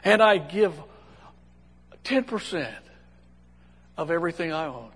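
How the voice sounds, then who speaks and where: Casting: a preacher putting on a pompous, self-satisfied Pharisee man, higher voice, husky edge, long echo. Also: animated, measured pace, full character voice. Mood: smug. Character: smug self-righteous male Pharisee praying. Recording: long hall reverb.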